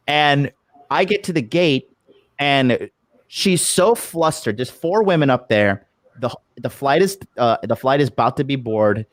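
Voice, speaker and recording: A man ranting through a travel story on a podcast, swearing freely and jumping into voices for the people he argued with. The sound is dry and close, with no room around him. He is loose and heated, and the story never slows down. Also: mid-range voice, no room sound. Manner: profane, animated retelling with acted quotes. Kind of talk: casual storytelling. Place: lives abroad in Japan.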